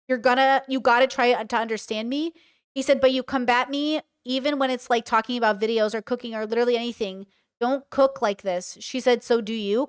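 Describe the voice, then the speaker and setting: A woman talks through a reaction stream in casual commentary. She reads messages aloud and reacts with blunt remarks. Her voice sits a little high, smooth and clear on a close, dry mic. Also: dry recording.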